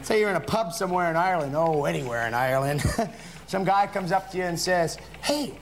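An actor playing a loud, abrasive middle-aged barroom comic who rants and laughs at his own jokes in a comedy sketch. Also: high voice, lively intonation, fairly quick, a little hiss or hum. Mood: ranting. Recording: old broadcast clip, roomy with studio audience.

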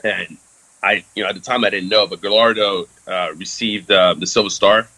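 Low bright-voiced man telling a war story. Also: steady tone, normal speed, poor audio. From France. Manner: candid, swears casually, many fillers. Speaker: guest. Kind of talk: casual storytelling interview.

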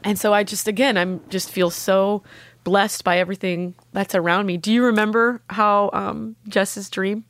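Telling a heartfelt, emotional story of her own as a guest, a young adult woman speaks at normal speed with a medium-pitched, slightly bright voice and fairly even intonation. She performs the voices of those she quotes, and the recording is dry.

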